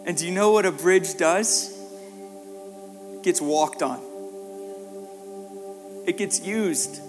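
A man's voice: on the high side, takes it slowly, long pauses. A man preaching a sermon, telling a story with acted-out voices and building to emphatic passages. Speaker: pastor. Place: church hall. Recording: long hall reverb with faint music.

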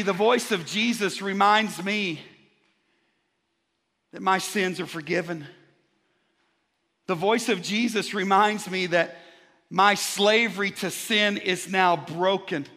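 High bright-voiced preacher in a reverberant hall. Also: male voice, creaky. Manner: rhythmic repetition, rising to emphatic shouts. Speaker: pastor. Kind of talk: sermon. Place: church sanctuary. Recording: long reverb of a large hall.

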